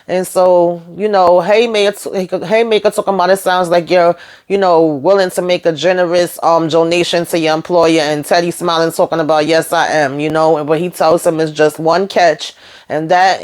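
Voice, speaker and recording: A woman's voice: low voice, a little mellow. A woman hosting a casual TV episode recap, chatty, retelling scenes in loose paraphrase with lots of fillers and tag questions. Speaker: TV recap host.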